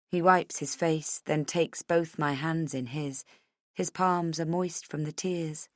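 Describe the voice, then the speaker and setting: A woman narrating a suspense audiobook in the first person, measured and tense. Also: deep voice, fairly even intonation, dry recording, clean studio sound.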